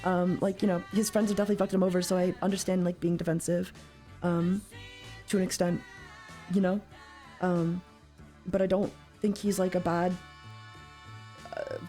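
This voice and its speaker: A woman's voice: lowish voice, flat delivery, moderate pace, pauses often, warm tone, faint music behind. A woman streaming live, talking casually to her chat in a rambling way, often repeating herself and swearing.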